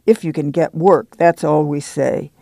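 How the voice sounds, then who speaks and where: A man's voice: fairly high pitch, a little slow, gravelly, dark tone, no echo. Man voicing a fierce preachy camp woman. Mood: warning. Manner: rural dialect, scolding, emphatic. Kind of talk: audiobook reading.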